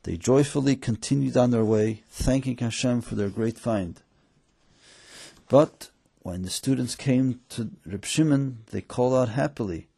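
A man tells a story in a mellow, darker voice with a gravelly edge. He reads in storybook style and lifts his pitch when the characters speak. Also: a little slow. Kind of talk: storybook narration.

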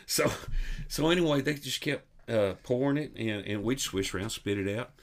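On a comedy podcast, a male host tells funny stories to his friends and laughs as he goes. His voice is medium-pitched and his pace normal.

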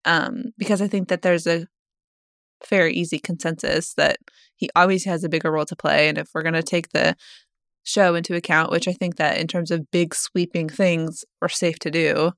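A young woman co-hosting a podcast, discussing a book casually, thinking out loud and reading passages aloud. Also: sits low, level tone, moderate pace, no echo, clean studio sound. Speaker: podcast co-host.

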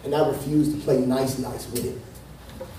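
A man's voice: medium pitch, flat delivery, a little slow, dark tone, slight background noise. A male pastor preaching a casual, joking sermon that turns emphatic and earnest. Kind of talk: conversational sermon. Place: church sanctuary. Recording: echoey hall from a distant mic.

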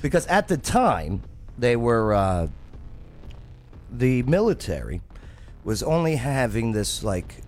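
A man's voice: mid-range voice, big pitch swings, slow, pauses often, darkish tone, a little hiss or hum. A man with a New Jersey accent, hosting a radio show and telling stories in casual chat, acting out other people's lines as he goes. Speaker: radio show host and former army journalist.

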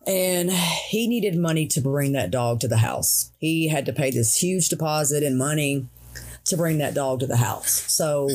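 A woman, a guest telling her story in an earnest, raw way that slows and speeds as she goes. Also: sits low, darkish tone. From Tennessee, USA. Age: 40s. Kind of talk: emotional personal interview.

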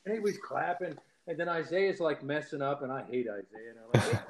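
A man with a slightly higher voice tells a sports story in casual chat. He is animated and acts out the heckles he once shouted. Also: a little fast, roomy sound, low-quality recording. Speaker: podcast co-host.

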